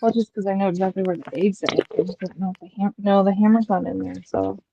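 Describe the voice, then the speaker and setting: A woman's voice: mid-range voice, steady tone, quick pace, gravelly, highs cut off, noisy background. A woman streamer chatting casually on a headset, rambling and full of fillers. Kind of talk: casual chat.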